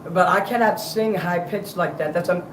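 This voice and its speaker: A man's voice: high voice, moderate pace, a bit bright, roomy sound, a little hiss or hum, rough recording. A man livestreaming and chatting between karaoke songs, talking in a profane, rambling way with a strained, worn-out voice. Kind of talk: livestream chat with karaoke singing.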